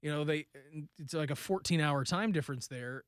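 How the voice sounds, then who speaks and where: A man's voice: on the high side, normal speed, clean tone, dry recording, studio quality. A man co-hosting a podcast, telling a story in a rambling, casual way full of "like" and "you know". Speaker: podcast co-host. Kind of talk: casual chat.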